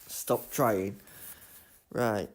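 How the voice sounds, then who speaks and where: A man streaming a racing game live, muttering commentary to himself and breaking into loud self-mocking outbursts. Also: fairly low pitch, slight background noise. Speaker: gaming streamer.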